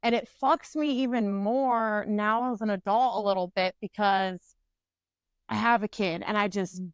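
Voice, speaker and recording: A young adult woman co-hosting a podcast, telling a story in a casual, profane, animated way. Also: medium pitch, unhurried, smooth, no room sound. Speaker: podcast co-host.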